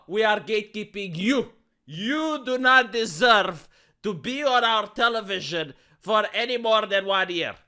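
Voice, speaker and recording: A man with a high, bright, sharp voice rants in a commentary vlog. He mocks his targets in a theatrical, grandiose way, thick with sarcasm. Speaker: YouTube commentator.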